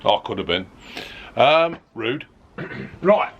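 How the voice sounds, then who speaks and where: A man's voice: mid-range voice, big pitch swings, takes it slowly, narrow, tinny audio, noisy background. A man chatting casually to camera about his camper van build, joking and filling gaps with ums and uhs. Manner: chatty, joking, lots of fillers.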